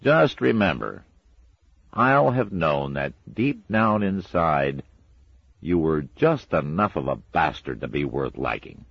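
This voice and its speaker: A man's voice: extremely low pitch, sing-song, slow pace, vocal fry, breathy edge, no echo, muffled recording, heavily acted. A man voicing a weary, sardonic male demon with a dry, bitter delivery, in a storybook reading.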